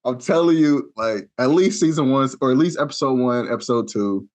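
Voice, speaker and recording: Man, podcast co-host, casual chat, animated storytelling, slangy, mid-range voice. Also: mid-range voice, a little fast. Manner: animated storyteller, acts out quotes in shifting voices; loose, slangy, with frequent fillers.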